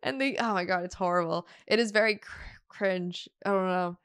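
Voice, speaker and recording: A woman's voice: mid-range voice, fairly even intonation, moderate pace, fairly bright tone, clean tone, no echo, studio quality. A woman co-hosting a podcast in casual chat, giggling often and trailing off with fillers. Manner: giggly, laughs often mid-sentence; trailing filler-heavy phrasing. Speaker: podcast co-host.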